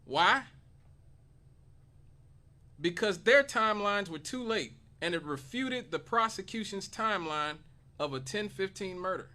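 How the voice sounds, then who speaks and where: A man's voice: high voice, expressive, a little slow, pauses often, sharp tone. A man hosting a talk radio show, delivering an emphatic monologue and building his case with rhetorical questions. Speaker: radio host.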